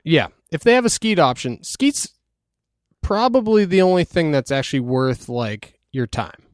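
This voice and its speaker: Deadpan smooth-voiced man co-hosting. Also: on the high side, moderate pace, no room sound, clean studio sound. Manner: deadpan, plays along with mock seriousness. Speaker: podcast co-host. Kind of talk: casual comedic podcast chat.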